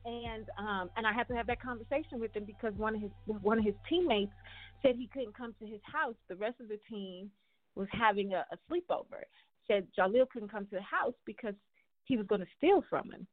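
A middle-aged woman hosting a show, talking casually to viewers in an animated, conversational way with slang and quick restarts. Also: medium pitch, no room sound, soft background music. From United States. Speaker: host. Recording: phone-like line, dry.

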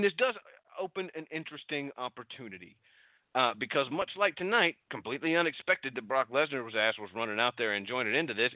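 A man's voice: mid-range voice, dry recording. A man hosting a wrestling recap show, rambling casually and sarcastically, with frequent swearing. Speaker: podcast host recapping wrestling. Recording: dry, thin phone-like audio.

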